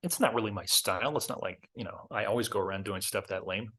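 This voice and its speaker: Middle-aged guy telling a story on himself, husky voice, self-deprecating. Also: fairly low pitch, fast talker. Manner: candid, self-deprecating, animated when reenacting. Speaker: host. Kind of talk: reflective storytelling talk.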